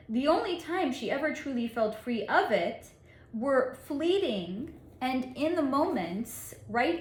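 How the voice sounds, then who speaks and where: A woman psychic reader telling a story in a monologue, with deliberate dramatic pauses and frequent laughs. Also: fairly high pitch. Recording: echoey room.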